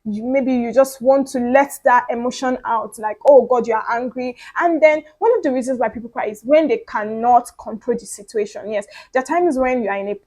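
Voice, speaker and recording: A woman's voice: a little high, brisk, hardly any pauses, darkish tone, poor audio. A young woman hosting her own podcast, talking casually and earnestly to her audience, with frequent fillers and repeated words. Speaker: podcast host. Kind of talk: casual solo monologue.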